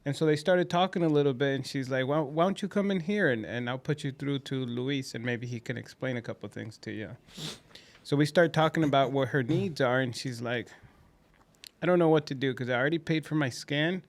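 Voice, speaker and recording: A man's voice: medium pitch, brisk. A man co-hosting a dental clinic podcast, telling stories in casual chat and acting out conversations with patients.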